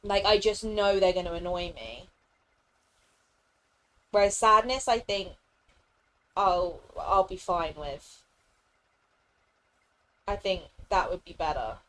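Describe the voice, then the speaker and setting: A young woman streams a game and chats casually with viewers, laughing often and briefly slipping into playful character voices. Her voice is on the low side and a bit bright, slow with frequent pauses, and the recording is rough.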